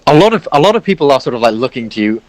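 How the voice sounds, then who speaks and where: A man's voice: mid-range voice, very animated, rapid-fire, darkish tone, low-quality recording. A man narrating a tabletop game as game master, rambling with lots of fillers.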